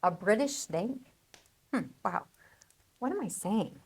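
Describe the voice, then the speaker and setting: A woman voicing a lonely, kind-hearted farm wife in a radio play, earnest and gentle. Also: medium pitch, expressive, takes it slowly, breathy edge, heavily acted. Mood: flustered. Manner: earnest, gentle, easily flustered.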